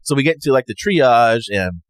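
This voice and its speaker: A male podcast host rambles through a personal story, his pitch swinging widely as he performs other people's lines. He sounds animated and smooth, speaking fairly quickly. The audio is close and dry, with no room sound or echo.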